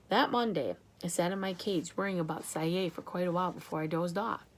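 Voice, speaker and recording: A woman narrating a children's book in an expressive storytelling manner. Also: lowish voice, a little fast, hardly any pauses. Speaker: audiobook reader.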